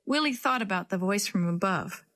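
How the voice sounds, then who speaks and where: A woman reading a chapter book aloud to children in a friendly, expressive way. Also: mid-range voice, normal speed. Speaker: children's story reader. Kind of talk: storybook read-aloud.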